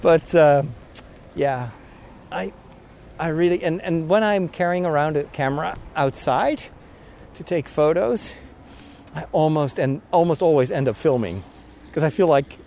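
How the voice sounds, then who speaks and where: A man's voice: a little high, expressive, unhurried, gravelly, a little mellow, slight background noise. Chatty man vlogging slightly out of breath. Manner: rambling, chatty, laughs often. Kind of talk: casual walking vlog. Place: outdoors on a walk.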